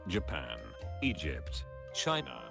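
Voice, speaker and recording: A man reading meme captions aloud in a dry, deadpan, clipped way. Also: a bass voice, slow, gravelly, music in the background.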